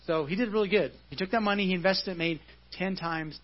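At a church service, a male pastor delivers a conversational sermon, explaining scripture casually and often checking in with "right?". His voice is high, he talks fast, and the recording's highs are cut off.

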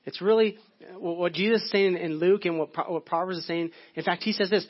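A man preaching a sermon in a casual, conversational way, often repeating words as he searches for the phrase. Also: fast. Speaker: pastor. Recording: muffled low-fidelity audio.

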